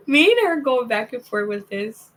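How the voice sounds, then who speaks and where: A woman's voice: high voice, huge pitch swings, slow, sharp tone, low-quality recording. A young woman telling a rambling, casual story to her viewers, reading out old text messages with many restarts. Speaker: vlogger.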